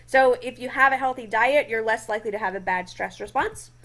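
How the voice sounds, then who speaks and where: High-voiced woman lecturing casually. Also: a little fast, a bit bright. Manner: chatty, often checks in with "okay?". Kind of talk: classroom lecture with slides.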